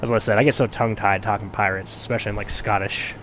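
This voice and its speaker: A man's voice: fairly low pitch, steady tone, fast talker, fairly bright tone, a little hiss or hum. A man hosting a casual game playthrough, chatty and self-deprecating about his character voices. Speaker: gaming channel host. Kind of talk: casual let's-play commentary, reading game dialogue aloud.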